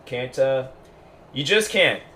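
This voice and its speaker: A man's voice: medium pitch, animated, slow pace, bright, forceful tone. A man giving a casual commentary monologue as a YouTuber, rambling and emphatic, full of restarts.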